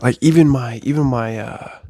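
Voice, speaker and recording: A young man talks straight to the camera from his bedroom, rambling and poking fun at himself, then building into a string of rhetorical questions. His voice is gravelly, with a middling pitch. The sound is close and dry. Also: normal speed, no echo. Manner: rambling and self-deprecating, with restarts and fillers; rising to animated rhetorical questions. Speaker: vlogger. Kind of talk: casual confessional monologue to camera.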